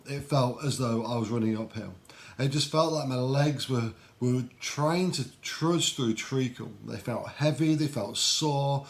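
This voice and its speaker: A man giving an earnest, reflective devotional talk, with frequent ums and restarts. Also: medium pitch. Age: adult. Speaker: Christian video host.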